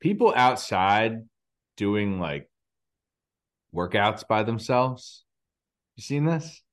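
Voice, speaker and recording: Man in his thirties, podcast co-host. Low-pitched, casual storyteller, filler-heavy. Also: expressive, takes it slowly, fairly bright tone. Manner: storytelling, lots of likes. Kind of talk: casual chat.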